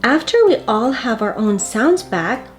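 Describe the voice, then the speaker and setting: A gentle male farm horse from a storybook, talking slowly and kindly as he explains, voiced by a woman reading aloud, in a lively voice that leans higher than most. Faint music plays behind.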